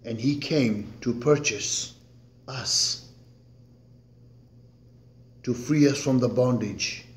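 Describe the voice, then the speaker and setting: Pastor guy preaching slow, big loud lines then going real quiet, echoey church. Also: medium pitch. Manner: slow, emphatic preaching with dramatic swings in loudness. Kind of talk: sermon. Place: church sanctuary.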